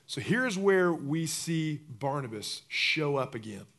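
A man preaching a sermon as pastor, telling the story with lively acted-out voices and swinging from loud bursts to quiet, intimate appeals. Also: on the high side, slow pace.

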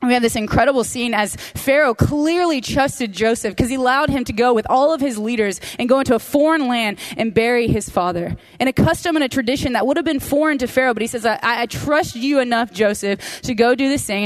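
A woman's voice: on the high side, brisk, hardly any pauses. A woman teaching a conversational sermon, repeating key phrases for emphasis and making chatty asides to the audience. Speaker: Bible teacher.

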